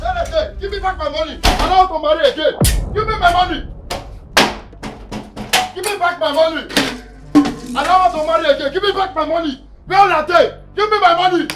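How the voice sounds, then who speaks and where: An actor with a Nigerian accent playing a furious jilted young man who shouts and repeats his demand for his money back. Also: very high voice, fairly quick, pauses often, distant mic. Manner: shouting, repetitive ranting. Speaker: angry suitor demanding money. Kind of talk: Nollywood film acting. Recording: echoey room with film music.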